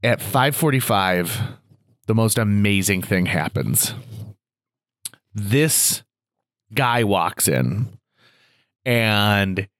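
A man hosting a podcast, telling an anecdote in a casual chat and acting out other people's lines with quick asides. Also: on the low side, expressive, a bit bright, no echo, studio quality. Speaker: podcast host.

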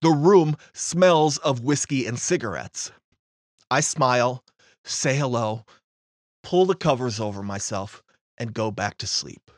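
A man's voice: medium pitch, animated, a little slow, no echo, studio quality. A man telling a first-person story in a matter-of-fact, understated way.

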